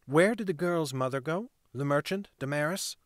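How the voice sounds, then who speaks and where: A man's voice: on the high side, no echo, clean studio sound, pitched above the performer's own voice, lightly acted. A man voicing a guarded young woman traveler who answers in careful, earnest words. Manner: careful, earnest, measured replies.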